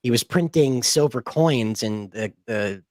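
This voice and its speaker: A man's voice: medium pitch, unhurried, a little mellow, no room sound. A man chatting casually as a guest, joking and rambling. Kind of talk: casual chat.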